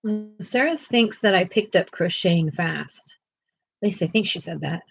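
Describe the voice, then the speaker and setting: A woman's voice: fairly low pitch, expressive, moderate pace, vocal fry, breathy edge, no room sound, faint music behind, low-quality recording. A woman co-hosting a casual art livestream, chatting in a self-deprecating way and laughing often, and now and then cooing to her pet. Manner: cooing baby talk to a pet.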